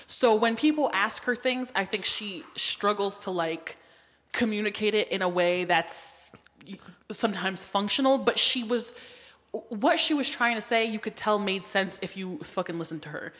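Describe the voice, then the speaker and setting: Lively cussing woman podcaster, mid pitch, lots of hall reverb. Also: normal speed. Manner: animated, swears freely, laughs often. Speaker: podcast co-host. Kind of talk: casual chat.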